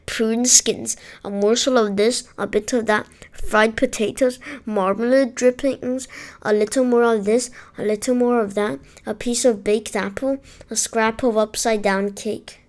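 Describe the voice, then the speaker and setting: A woman reading a children's book aloud in a steady storytelling way, with the odd small slip. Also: a little high. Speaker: storybook reader.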